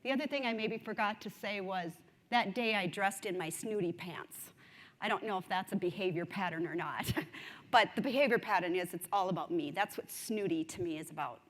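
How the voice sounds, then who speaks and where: Animated woman speaking in a reverberant hall. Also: medium pitch, brisk. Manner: animated, self-mocking storytelling. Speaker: conference speaker. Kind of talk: motivational storytelling speech. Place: large conference hall.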